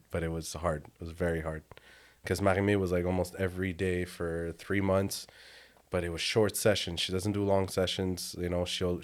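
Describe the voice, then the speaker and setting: Low-voiced young man telling lively stories. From Quebec, Canada. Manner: animated storyteller, acts out quotes, laughs often. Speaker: music producer, guest. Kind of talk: casual podcast chat.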